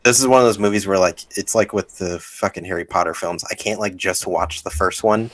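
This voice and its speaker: A man hosting a casual movie review podcast, relaxed and leading the talk with filler ums. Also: sits low, brisk, dry recording. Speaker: podcast host. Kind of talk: casual chat.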